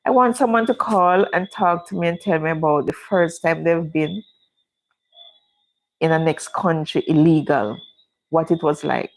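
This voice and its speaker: A woman's voice: low-pitched, measured pace, rough recording. Jamaican woman chatting on a livestream. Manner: chatty, speaks Jamaican English. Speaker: livestream host. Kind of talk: casual livestream chat.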